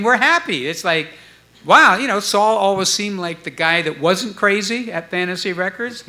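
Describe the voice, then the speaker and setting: A man in his seventies telling stories on a club stage, acting out the voices of others in his tale. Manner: animated storyteller, acts out quoted voices with jumps in pitch. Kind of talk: storytelling chat before a live audience.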